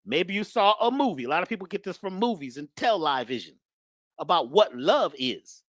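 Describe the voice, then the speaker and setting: A woman's voice: on the low side, big pitch swings, normal speed, no room sound, studio quality. A woman guest speaker talking in an emphatic, preachy but casual way about spirituality and love. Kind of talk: spiritual talk, casual conversation.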